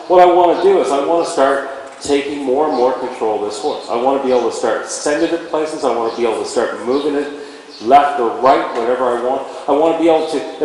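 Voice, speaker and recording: A man's voice: on the high side, darkish tone. Man teaching in an echoey arena. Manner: talks to the horse while explaining. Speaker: horse trainer. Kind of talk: instructional demonstration. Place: indoor riding arena. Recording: very echoey arena with faint ambient noise.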